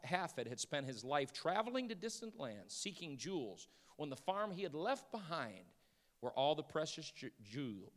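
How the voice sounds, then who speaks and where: Bright-voiced male preacher in a big hall. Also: medium pitch. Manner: storytelling, acts out voices, builds to shouting. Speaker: pastor. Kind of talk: sermon.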